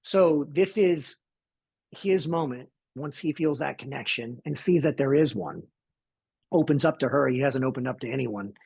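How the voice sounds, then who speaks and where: Husky Southern man, halting and thoughtful. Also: medium pitch, a little mellow, dry recording. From Southern United States. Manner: thoughtful, halting, with many restarts and repeated words. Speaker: actor interviewed about his film. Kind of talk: casual interview answers.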